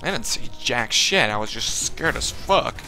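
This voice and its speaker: Young male vlogger, bright voice, casual profane storyteller. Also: medium pitch, lively intonation, a little slow, vocal fry, soft background music. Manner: profane, rambling, re-enacts others' lines.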